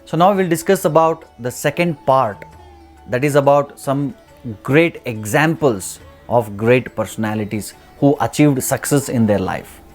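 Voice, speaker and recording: A man telling a motivational story in a talk, lively and acting out the voices in it. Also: medium pitch. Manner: animated, acts out the voices in his stories. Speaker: motivational speaker.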